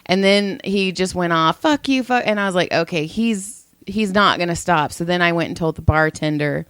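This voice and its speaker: A woman's voice: on the low side, fairly even intonation, normal speed, a bit bright, smooth, no echo. A woman co-hosting a podcast, chatting casually in a blunt, profane way. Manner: blunt and profane, laughs easily. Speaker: podcast co-host. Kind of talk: casual chat.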